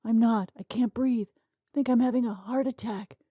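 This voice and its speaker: A woman's voice: mid-range voice, moderate pace, warm tone, slightly rough, no room sound, studio quality, pitched above the performer's own voice, natural voice. A woman doing a weak gasping old man.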